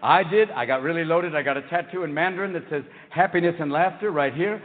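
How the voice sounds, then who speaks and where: A man doing a manic stand-up comedy routine, firing off jokes and bursting into shouted voices. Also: a little high, fast talker. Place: large live venue. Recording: tinny, echoey live hall recording.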